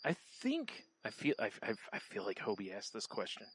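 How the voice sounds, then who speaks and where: A man's voice: lowish voice, wildly swooping pitch, normal speed, a bit bright, breathy edge, no echo. A man co-hosting a casual podcast, rambling and trailing off, laughing often as he talks. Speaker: podcast co-host.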